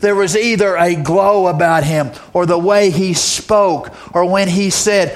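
A male pastor preaches in an emphatic, repetitive way and keeps turning to his listeners with rhetorical questions. His voice sits a little high for a man. He speaks slowly and leans on his words. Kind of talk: sermon.

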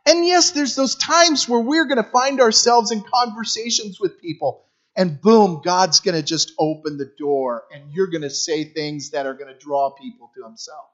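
A man's voice: high-pitched, moderate pace, fairly bright tone, dull audio. A middle-aged man preaching a sermon in a conversational, storytelling way, repeating phrases for emphasis. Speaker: guest preacher for a youth ministry.

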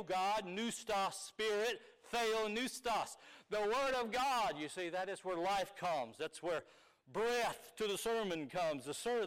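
A man preaching a sermon, explaining Hebrew and Greek words, moving from soft talk to loud emphasis. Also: high-pitched, smooth, low-quality recording.

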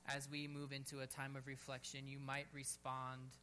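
Fervent pastor with a bright voice. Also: male voice, mid-range voice, monotone, moderate pace, soft background music. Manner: fervent, rising to near-shouts on bold exhortations, then quiet and gentle in prayer. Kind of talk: sermon. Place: church service.

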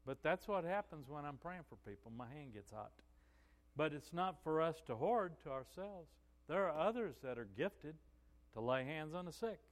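A man's voice: a little high, expressive, normal speed. Pastor man preaching in a reverberant hall. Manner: conversational storytelling, many "you know" asides. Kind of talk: sermon.

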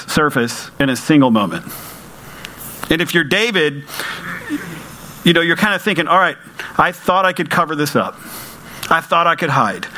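A man's voice: fairly high pitch, sharp tone, rough recording. A man preaching a sermon to his congregation in a conversational way, with rhetorical questions and emphatic repetition. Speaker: pastor.

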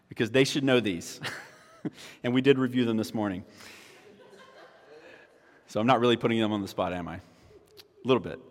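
A man preaching a sermon as pastor, moving between hushed teaching and rising, fervent proclamation. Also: medium pitch, in a large hall.

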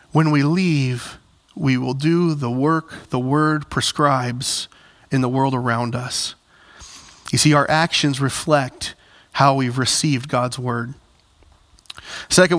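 A man's voice: on the high side, fairly bright tone. A man preaching a sermon, addressing the congregation directly and rising into emphatic bursts. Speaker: pastor.

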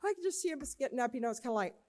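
A woman giving a chapel talk, telling a Bible story with animated voices and often checking in with her listeners. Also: high voice, rapid-fire. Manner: animated, acts out characters in the story. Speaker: chapel speaker.

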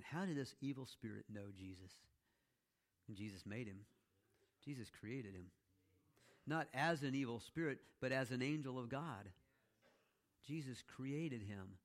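A man's voice: mid-range voice, brisk. A male pastor preaching a sermon in a conversational teaching style, telling a story with playful asides and often checking in with "okay?".

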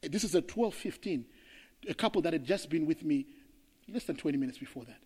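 Pastor preaching, high voice, goes from quiet to loud, big echoey church hall. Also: male voice, animated, brisk, breathy edge. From Zimbabwe. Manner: emphatic storytelling, swinging from hushed to loud. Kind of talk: sermon. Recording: long hall reverb.

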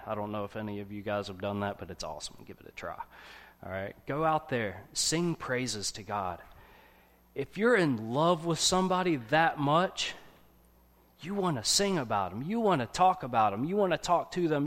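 Man preaching casually, checks in a lot. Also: mid-range voice. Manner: conversational, often checks in with "okay?". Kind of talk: casual sermon.

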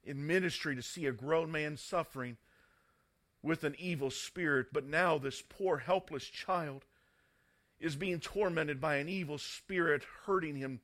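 A man preaching a sermon, emphatic and dramatic, swinging between loud bursts and hushed passages and leaning slowly on key words. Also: a little high. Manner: stressing single words slowly.

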